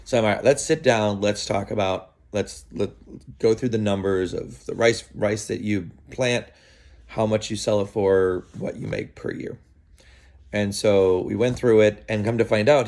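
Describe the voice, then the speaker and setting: A man with a lowish voice tells a story in a relaxed, unhurried way, pausing often and restarting his sentences. He speaks outdoors in the early morning. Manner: relaxed, halting, many fillers and restarts. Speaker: vlogger. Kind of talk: casual storytelling to camera.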